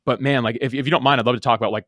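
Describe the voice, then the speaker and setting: This man, in his thirties and a guest on a podcast, has a medium-pitched voice with a steady, fairly bright tone. He relates his story in a quick, casual way packed with "like" and repetitions, recorded with clean studio sound and no echo.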